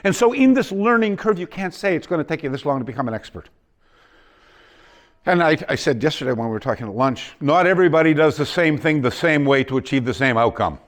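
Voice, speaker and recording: A man's voice: on the high side, animated, fast. A male martial arts instructor teaching a seminar, telling anecdotes with frequent restarts and acting out his students' lines. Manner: storytelling, acts out quoted students, frequent restarts. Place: dojo training hall.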